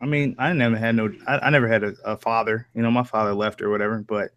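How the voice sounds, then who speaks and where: A man's voice: lowish voice, fairly even intonation, fast talker, a bit bright. Laid-back man hosting a live stream. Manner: laid-back, laughs often, slangy. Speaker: stream host. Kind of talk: casual chat on a live stream.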